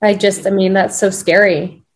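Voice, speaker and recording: A woman interviewing a guest, asking gentle questions and giving brief affirming responses. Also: medium pitch, flat delivery, moderate pace, slight background noise. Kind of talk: supportive interview.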